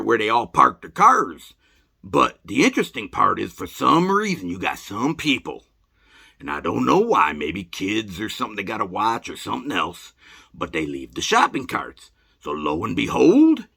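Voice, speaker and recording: A middle-aged man hosting a vlog, telling old stories in a folksy, rambling, animated way. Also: gravelly, breathy edge. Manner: folksy, rambling, animated, bursts into high put-on voices. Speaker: host. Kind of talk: casual nostalgic storytelling.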